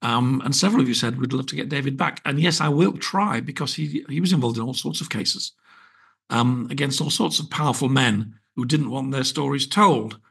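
A man's voice: mid-range voice, normal speed, gravelly, a bit bright, husky. A British man hosting his podcast alone, chatting in a wry, rambling way full of small asides. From Britain. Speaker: podcast host. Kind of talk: casual solo podcast chat.

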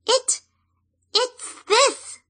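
A woman doing a squeaky, stammering little fairy sprite. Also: extremely slow, sharp tone, full character voice. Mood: despairing, tearful. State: crying. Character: tiny timid male fairy sprite, tearful. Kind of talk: audiobook reading.

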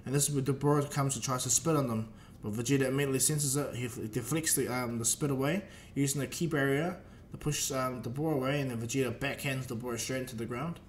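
A man's voice: medium pitch, fairly even intonation, quick pace, hardly any pauses, slight background noise. A man narrating a fan-made story in a loose, casual retelling. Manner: loose retelling with fillers and restarts.

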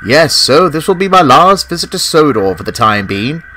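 A man voicing a cheerful, famous male steam engine, talking in a bright, chirpy, friendly way. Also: fairly high pitch, very animated, moderate pace, a little hiss or hum, voice pushed up, rough recording. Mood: excited.

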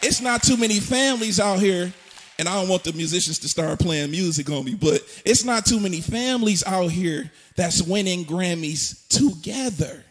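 A young man gives an excited, preacher-like tribute to his mother at a church event, repeating phrases as he builds up. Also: sits high, normal speed. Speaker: son of the honoree, musician.

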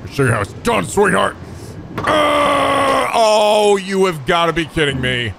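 His voice is a little high and creaky, his speech a little fast, and there is noise behind him. The man is running a let's play, cursing and trash-talking with excitable, fake anger as he comments on the game.

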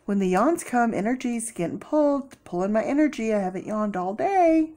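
A woman giving a casual tarot reading, chatty with many fillers and sudden excited bursts. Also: a little high, normal speed, hardly any pauses. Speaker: tarot reader.

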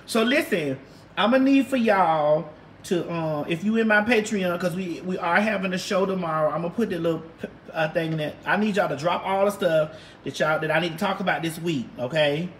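A woman's voice: on the low side, moderate pace, slight background noise. A woman hosting a casual livestream and chatting with viewers in a brash, sassy, drawling way, with lots of cussing. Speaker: livestream host. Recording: roomy echo.

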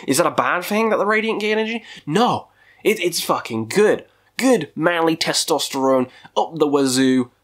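A man's voice: fairly high pitch, animated, moderate pace, a bit bright. A man hosting a casual video countdown, talking in a profane, goofy way with jokey asides. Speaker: metal music YouTuber.

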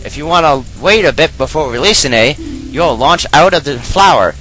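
A man's voice: on the high side, animated, normal speed, bright, forceful tone, faint music behind, poor audio. A man voicing an impatient, bossy young female fairy as he reads a video game's dialogue aloud. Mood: instructive. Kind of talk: reading game dialogue aloud.

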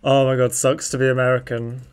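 A man's voice: mid-range voice, flat delivery, brisk, a crowd in the background. A man streaming a game, chatting playfully and giggling, with sudden yelps when things go wrong. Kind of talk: casual gaming chat.

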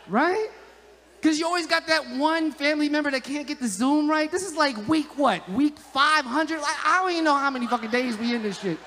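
Comedy guy doing a set, swears a lot, rambles, laughs at his own bits, high voice, live mic with long reverb. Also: fairly bright tone. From New Jersey. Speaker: stand-up comedian. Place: outdoor comedy club stage.

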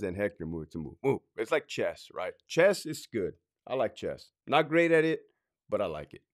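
A man in his late thirties speaks casually and profanely, in the loose manner of a storytelling vlog. His pitch swings widely, rising and falling as he talks. He rambles and keeps checking in with a "right?". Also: a bit bright. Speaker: prison sergeant and veteran telling his career story.

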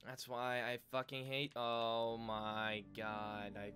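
A man's voice: mid-range voice, completely flat delivery, takes it slowly, bright, forceful tone, soft background music. A man on voice chat while gaming, ranting and swearing angrily at teammates and enemies. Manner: angry, profane, ranting. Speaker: gamer on voice chat.

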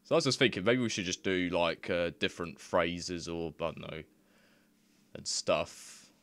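Young guy, lowish voice, dry close sound; casual commentator who giggles, rambles and swears freely. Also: normal speed, fairly bright tone, no echo. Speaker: YouTuber. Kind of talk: casual screen-recording commentary.

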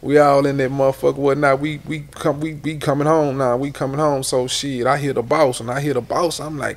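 A man's voice: medium pitch, fairly even intonation, brisk, creaky, hardly any pauses. A middle-aged man with a Houston accent, a rapper telling long rambling stories in a casual interview, repeating words and swearing often. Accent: Houston Southern. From Houston, Texas.

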